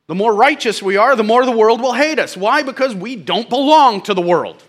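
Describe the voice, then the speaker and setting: A man preaching a sermon who swings from loud exclamations to hushed lines and drops in folksy, joking asides. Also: very high-pitched, expressive, moderate pace.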